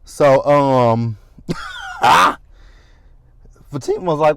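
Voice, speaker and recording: A man hosting a casual TV recap, animated and profane, laughing often as he retells scenes. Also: medium pitch, moderate pace, no echo. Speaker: TV show recap host.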